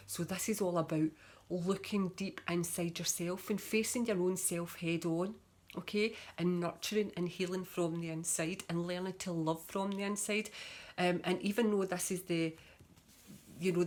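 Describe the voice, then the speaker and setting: A woman, a tarot reader chatting casually on camera, gushing about her cards, with frequent fillers. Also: on the low side. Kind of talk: casual show-and-tell vlog.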